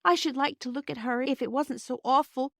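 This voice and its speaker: A woman voicing a dreamy, imaginative little girl who speaks in a high, fanciful way. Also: brisk, gravelly, fairly bright tone, no room sound, clean studio sound, heavily acted.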